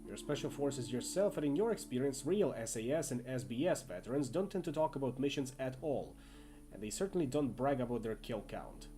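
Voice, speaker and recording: A man reading an interactive fiction game aloud in expressive second-person narration, with occasional asides. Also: medium pitch, fairly quick. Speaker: game player and reader.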